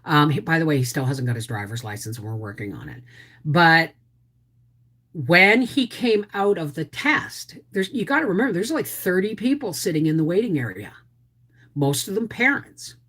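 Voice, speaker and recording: A middle-aged woman hosting a live stream, telling a family story with animated acted-out quotes and frequent asides of "right?". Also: low voice, brisk, breathy edge. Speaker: homestead channel host.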